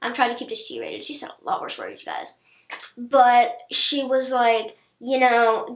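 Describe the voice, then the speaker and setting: Bubbly teen vlogger with a high voice, talking to camera in a reverberant room. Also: female voice, a little slow. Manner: chatty, animated, acts out quotes of others. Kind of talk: storytime vlog, casual chat. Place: indoor room, seated on a chair. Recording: echoey room.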